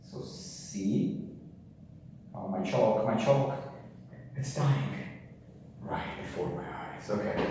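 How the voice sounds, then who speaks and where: A man's voice: fairly low pitch, drawn-out words, pauses often. Tired young man lecturing in an echoey room. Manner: rambling, joking to himself, trailing off mid-sentence. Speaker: medical student explaining concepts at a chalkboard. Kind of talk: casual thinking-aloud lecture. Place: room with a chalkboard. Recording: very echoey room, mic far off, faint hiss.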